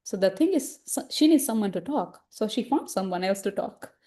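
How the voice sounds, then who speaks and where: Mellow-voiced woman, reflective dharma talk. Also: medium pitch, lively intonation, moderate pace. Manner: reflective and earnest, acting out her own inner thoughts in quotes; non-native English phrasing. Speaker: Buddhist nun leading a sutta discussion. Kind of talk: informal dharma discussion.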